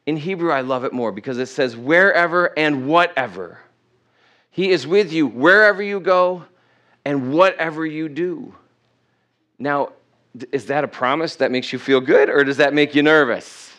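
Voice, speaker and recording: A man's voice: on the high side, normal speed, a bit bright. A middle-aged man preaching to his congregation, reading scripture aloud and putting questions to the people. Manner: reads scripture aloud with self-corrections. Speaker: pastor. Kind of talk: sermon. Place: church.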